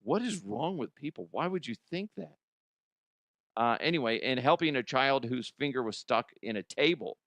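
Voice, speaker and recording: A man's voice: mid-range voice, expressive, normal speed, a bit bright, no room sound. A middle-aged man hosting a comedic news show, rambling, laughing often and making crude jokes. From Colorado, US. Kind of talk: casual comedic news commentary. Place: studio.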